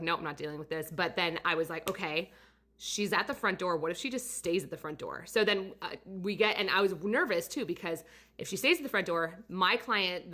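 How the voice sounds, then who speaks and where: A woman photographer casually telling a story about a client, chatty and full of fillers. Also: mid-range voice. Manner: chatty, many fillers, animated retelling. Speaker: portrait photographer and studio owner.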